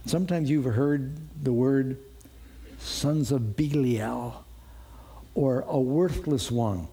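A man's voice: medium pitch, measured pace, dark tone, slightly rough. A man preaching a sermon, reading Bible verses aloud and adding conversational asides to the congregation.

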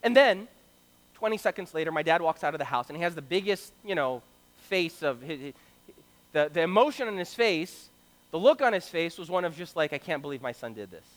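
High-voiced young man preaching in a hall. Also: brisk. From Brazil. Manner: animated, acts out quoted voices. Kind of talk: sermon storytelling. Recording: long hall reverb.

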